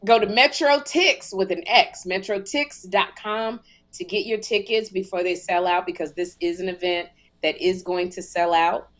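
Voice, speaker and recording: A woman's voice: fairly low pitch, steady tone, moderate pace, fairly bright tone. A middle-aged woman hosting a podcast, chatting casually and acting out dialogue as she tells a funny story. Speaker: podcast host. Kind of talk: casual comedic chat.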